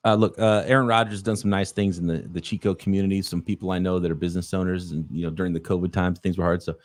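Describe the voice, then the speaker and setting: Low-voiced male co-host, measured and hesitant, dry close mic. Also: level tone, no echo. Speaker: podcast co-host. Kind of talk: casual sports talk.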